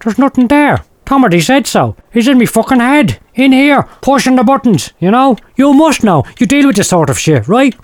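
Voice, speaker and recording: A man's voice: extremely high pitch, very animated, moderate pace, few pauses, dry recording. An actor playing an erratic, foul-mouthed man who hears voices, rambling and swearing in a comic audio drama. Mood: agitated.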